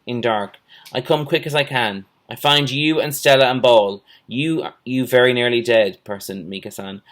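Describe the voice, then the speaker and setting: A man's voice: medium pitch, fairly bright tone, lightly acted. A man voicing an old hermit in broken English. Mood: grim. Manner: clipped broken English, plain short phrases. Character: old lonely male island hermit, wary. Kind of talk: reading a storybook aloud.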